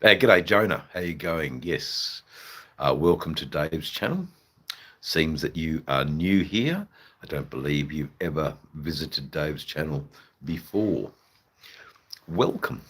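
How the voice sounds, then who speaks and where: A man's voice: rumbling low, animated, slow pace, fairly bright tone, husky. An Australian man hosting a live stream, chatting in a rambling, hesitant way with lots of fillers and restarts and some blunt swearing. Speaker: livestream host.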